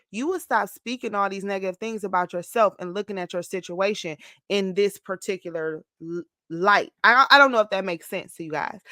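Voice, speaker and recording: A woman around forty talking through a casual confessional vlog, expressive and emotional, close to tears at times. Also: mid-range voice, no echo. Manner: expressive, slips into mock-whiny voices when quoting her past self. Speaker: vlogger.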